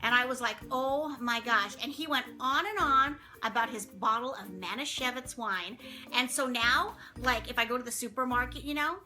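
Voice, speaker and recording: A middle-aged woman telling a story to camera in a chatty, animated way, full of exclamations and acted-out voices. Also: on the high side, moderate pace, faint music behind. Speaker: vlog host telling a story.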